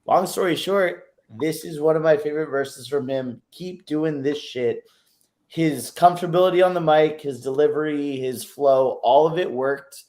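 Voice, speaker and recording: A man's voice: a little high, moderate pace, a little mellow. A man co-hosting a casual music review stream, frank and laid-back, swearing freely.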